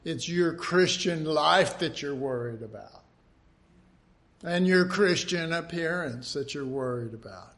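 An older man delivers a folksy, conversational sermon in a slightly high, somewhat bright voice with lively intonation. He draws out emphatic phrases and acts out what people say.

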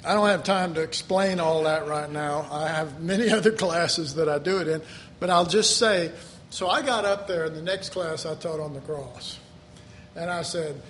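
High-voiced preacher, animated and laughing. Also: male voice, normal speed, a little hiss or hum. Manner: animated, acts out quoted voices with sudden high exclamations; chuckles often while talking. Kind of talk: sermon.

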